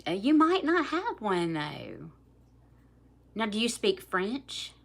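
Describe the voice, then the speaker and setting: A woman's voice: mid-range voice, sing-song, slow pace, creaky. A woman with a South Louisiana accent chatting casually on a livestream, laughing often and talking straight to her viewers. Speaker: livestream host.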